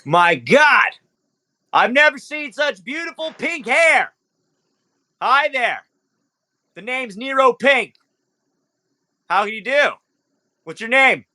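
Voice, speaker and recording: A man's voice: extremely high pitch, very animated, takes it slowly, pauses often, pushed and bright, pitched above the performer's own voice, heavily acted. A man voicing a flamboyant male club owner who plays the showy host with nervous undertones. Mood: flirty.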